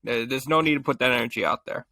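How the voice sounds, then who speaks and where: A man's voice: mid-range voice, quick pace, gravelly, sharp tone, no room sound. A man co-hosting a sports podcast, talking casually and playfully, often restarting his words. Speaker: podcast co-host.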